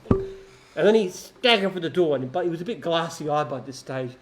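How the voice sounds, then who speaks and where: A man's voice: on the high side, lively intonation, normal speed, background noise. Rambling man telling a joke. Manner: rambling storyteller with restarts. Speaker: company founder answering questions. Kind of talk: casual chat and joke telling.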